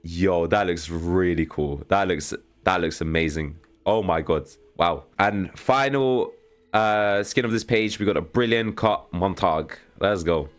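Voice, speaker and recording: A young man giving casual, excitable commentary as he reacts to a video game, with a slangy, chatty way of talking. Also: on the low side. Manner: casual, excitable, slangy, says "bro" a lot. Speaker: gaming channel host.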